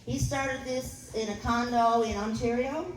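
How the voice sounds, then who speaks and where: A woman's voice: fairly high pitch, steady tone, unhurried. A woman from Newfoundland with a Newfoundland accent, hosting a ceremony in a folksy, joking way. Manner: folksy, joking, loud to a crowd. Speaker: ceremony host. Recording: roomy hall from a distance with crowd.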